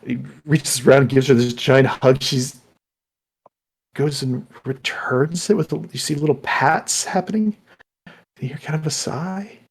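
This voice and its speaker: A man narrating as game master, halting with many fillers and restarts. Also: mid-range voice, husky.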